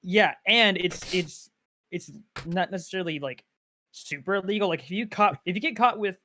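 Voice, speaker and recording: A man co-hosting a casual podcast, telling stories in an excited, animated way. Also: high-pitched, moderate pace. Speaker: podcast co-host. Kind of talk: casual chat.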